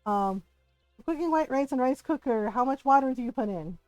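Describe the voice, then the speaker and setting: A woman's voice: high voice, animated, normal speed, darkish tone, no echo, faint music behind. A young woman streaming a game from home, chatting casually in a rambling way and laughing often. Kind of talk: casual gameplay chat.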